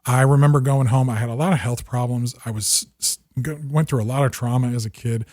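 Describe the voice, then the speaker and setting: A man in his fifties, a podcast guest, telling lively stories and acting out quoted dialogue with quick restarts. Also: medium pitch, dry recording, studio quality. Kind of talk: storytelling in conversation.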